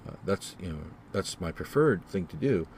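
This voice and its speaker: Male solo podcast host, deep mellow voice, rambling and repetitive, heavy on fillers. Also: expressive, moderate pace, slight background noise. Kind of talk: solo casual podcast monologue.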